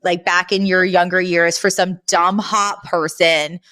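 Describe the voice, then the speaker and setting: A woman's voice: lowish voice, flat delivery, sharp tone. Giggly, chatty podcast co-host woman. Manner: chatty and giggly, slows down to explain. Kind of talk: casual podcast chat.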